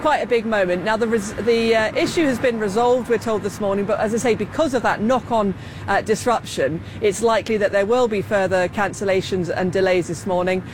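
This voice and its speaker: A man reporting live news outdoors in a measured way, with some fillers. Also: high-pitched. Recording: outdoor street noise.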